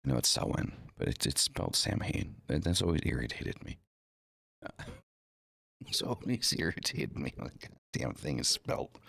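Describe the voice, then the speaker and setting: Man, podcast host, very low gravelly voice, unhurried rambling, dry small room. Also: no echo. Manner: rambling, repeats words, many fillers. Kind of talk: casual live-stream talk.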